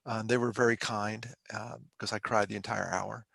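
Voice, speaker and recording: A man's voice: lowish voice, little pitch movement, moderate pace, creaky, a bit bright, no echo. A middle-aged man from Pennsylvania, a podcast guest and mental health speaker, telling his story candidly in a conversational, emotional, self-deprecating way.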